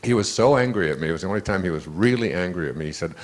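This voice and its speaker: A man's voice: deep voice, lively intonation, very fast, hardly any pauses. An older man giving an inspirational lecture, telling a rambling story with restarts and asides. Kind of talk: inspirational lecture to a live audience.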